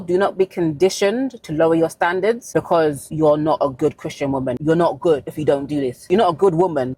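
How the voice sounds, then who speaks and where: A woman delivers a forceful dating-advice monologue, hammering her points home through repetition. Her voice sits a little low for a woman. The sound is close and dry, with no room echo. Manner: emphatic, blunt, repeats points for force. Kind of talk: opinionated vlog monologue.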